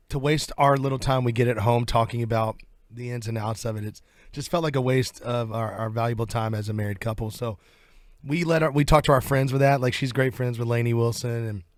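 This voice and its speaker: A man with a Southern US accent, talking as a country singer guest in a relaxed, rambling interview chat in a radio studio. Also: medium pitch, no room sound. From southern United States. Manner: relaxed, rambling, laughs easily.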